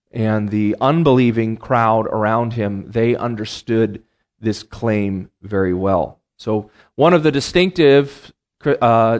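Middle-aged male Bible teacher, mid-pitched, lecturing a class with ums and uhs and repeated key points. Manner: explains terms plainly, repeats key phrases, many ums and uhs.

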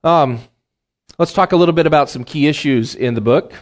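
A man's voice: fairly high pitch, a little fast. A middle-aged man teaching a Bible class in a lecture, who explains terms plainly and repeats his key phrases, with many ums and uhs.

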